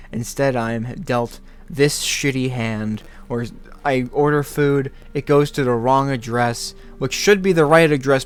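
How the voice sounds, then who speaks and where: Furious ranting host, pitch jumping all over. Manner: ranting, swearing, exasperated laughter between lines; repeats phrases in frustration. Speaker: channel host. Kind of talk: angry rant to camera.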